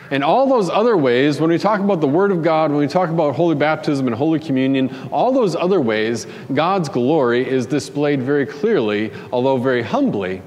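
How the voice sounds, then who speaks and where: A male pastor delivers a sermon in a relaxed, storytelling manner, with his voice rising in pitch and volume whenever he presses a point. His mid-pitched voice carries a long church echo. A faint hum of the room sits behind him. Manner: conversational storytelling preacher, lifts pitch and volume for emphasis.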